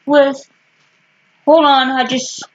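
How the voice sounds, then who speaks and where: Woman, casual vlog chat, halting fragmented speech, slow pace, muffled low-fi sound. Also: level tone. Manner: halting, restarts often, talks in short fragments; slow and rambling. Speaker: vlogger showing her book collection.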